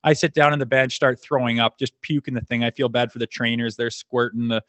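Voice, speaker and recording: A man, a former hockey enforcer, telling profane, animated stories on a podcast, acting out what others said. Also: mid-range voice, fairly quick, no room sound. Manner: profane, animated anecdotes acting out quoted dialogue. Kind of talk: casual storytelling chat.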